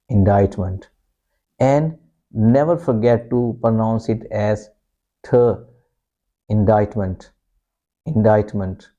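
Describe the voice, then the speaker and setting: Slow, dark-voiced male pronunciation teacher. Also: medium pitch. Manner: repeats words slowly, frequent "okay" fillers. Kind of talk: slow, patient pronunciation lesson.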